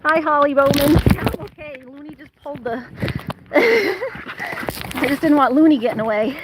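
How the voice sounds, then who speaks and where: Woman, casual outdoor vlogger, high pitch, laughs a lot, tripod camera, heavy outdoor noise. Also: lively intonation, a little slow. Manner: laughs often, calls to her dog. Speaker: vlogger with her dog. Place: outdoors at a lake shore and woods.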